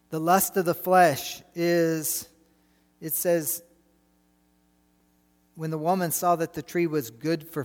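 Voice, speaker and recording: A middle-aged man preaching a sermon, animated and full of rhetorical questions to the congregation. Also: fairly high pitch, big-room sound.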